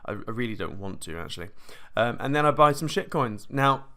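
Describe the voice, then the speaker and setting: A British man hosting a casual live screen-share tutorial on crypto trading, rambling and chatty, often correcting himself mid-sentence and clearing his throat. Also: medium pitch, very animated, normal speed, fairly bright tone, a little hiss or hum.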